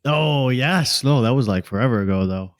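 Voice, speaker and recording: A young man chatting on a podcast in a halting, easygoing way, full of pauses and fillers. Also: mid-range voice, lively intonation, dry recording. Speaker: podcast co-host. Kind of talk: casual podcast chat.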